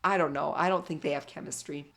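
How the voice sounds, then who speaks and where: A woman co-hosting a casual podcast, her voice sitting a bit on the low side. She talks in an excitable, gossipy way, laughing often and dropping the odd swear word. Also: fast talker. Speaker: podcast co-host. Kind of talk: casual chat about reality TV.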